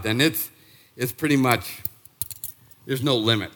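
A man in his sixties from Boston, preaching a sermon as pastor in an emphatic, punchy way that jumps up in pitch and volume. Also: measured pace, a bit bright. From Boston, Massachusetts. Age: 60s. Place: church sanctuary.

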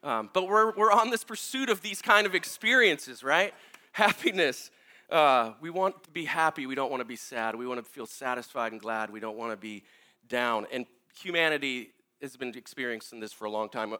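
A male pastor preaching a sermon in a casual, animated way, laughing as he tells a story and talking with many fillers. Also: medium pitch, moderate pace.

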